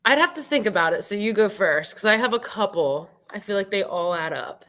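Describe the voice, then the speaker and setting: A woman in her twenties, a guest musician on a show, chats casually about a birthday, saying "like" constantly. Her medium-pitched voice is expressive, fairly quick, and fairly bright in tone.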